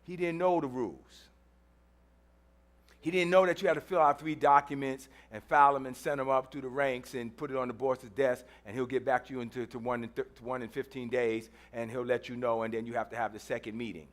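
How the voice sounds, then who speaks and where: A man's voice: medium pitch, steady tone, fairly quick. A man preaching a sermon in a church, telling a story with humor, acting out the people in it and repeating phrases for emphasis. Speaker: pastor.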